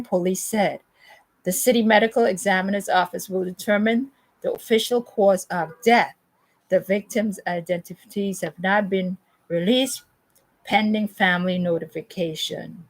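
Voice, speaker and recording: Gravelly woman rambling through news. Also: mid-range voice, fairly even intonation, moderate pace, rough recording. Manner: repetitive, restarts and stammers, emphatic. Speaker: vlogger commenting on news. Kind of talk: rambling monologue and reading news aloud.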